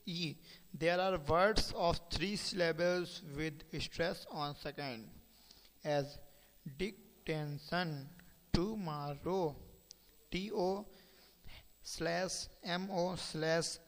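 A male teacher slowly dictates a lesson, pausing to spell words out letter by letter. His voice is smooth and clear, slightly high for a man. A long reverb hangs around him, as in a large room. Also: a bit bright.

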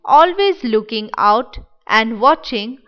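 A woman reading the part of a kind young village girl in a play reading, speaking kindly with a hurried manner. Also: fairly high pitch, lively intonation, muffled recording.

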